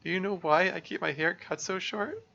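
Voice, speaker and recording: Guy doing a teen schoolgirl full of self-hate, high strained teary voice, kinda dull lo-fi sound. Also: normal speed, vocal fry, bright, forceful tone, a little hiss or hum, full character voice. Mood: ashamed. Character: anxious, self-loathing teenage schoolgirl, vice president.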